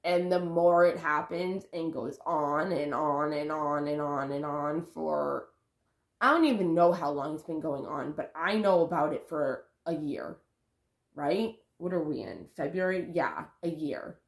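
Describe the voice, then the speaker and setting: Her voice sits low and unhurried, with noticeable reverb. The vlogger rambles to her camera about spiritual growth in a relaxed way, fixing her own phrasing while sighing and laughing.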